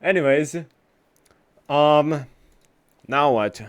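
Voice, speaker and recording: A man's voice: fairly high pitch, extremely slow, clear, resonant tone. A young man streaming games live, chatting casually and trash-talking with lots of swearing. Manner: profane, trash-talking banter.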